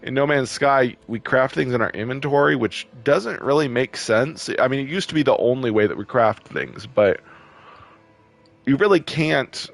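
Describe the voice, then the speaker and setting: A man casually commenting while playing a game, chatty and quick to get irritated, laughing often. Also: mid-range voice, vocal fry, soft background music. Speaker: gameplay video host.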